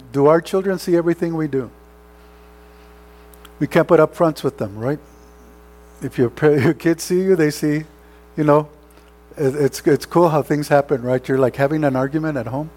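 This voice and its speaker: A man's voice: a little high, darkish tone. A man preaching a sermon as pastor, earnest and conversational, often checking in with rhetorical questions. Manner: earnest, exhorting.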